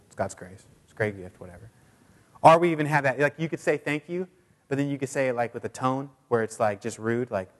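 Casual preaching man in a reverberant hall. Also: mid-range voice. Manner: conversational preaching with many fillers and repeats. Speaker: pastor. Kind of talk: sermon and prayer. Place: church sanctuary.

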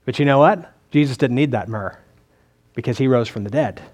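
A man's voice: medium pitch, a little fast, darkish tone. A man preaching a sermon in a conversational way, asking the listeners questions and often restarting his sentences. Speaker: pastor.

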